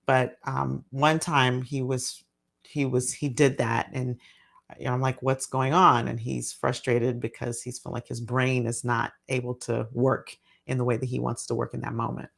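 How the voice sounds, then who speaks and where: A woman's voice: very deep voice, little pitch movement, normal speed, gravelly. A middle-aged woman, a physician and parenting speaker, explaining a behavior model in a casual teaching talk. She works through her points step by step, with plenty of fillers.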